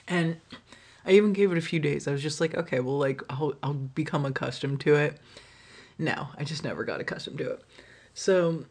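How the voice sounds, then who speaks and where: Her voice is low-pitched, a little mellow, and slightly rough as she hosts a podcast alone. The stories are frank and profane, full of the filler "like," frequent laughter, and trailing restarts.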